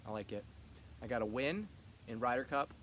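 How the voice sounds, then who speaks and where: A man's voice: medium pitch, a little fast, a bit bright, slight background noise. A man running a fantasy football league, talking casually and teasing the other players with cocky trash talk.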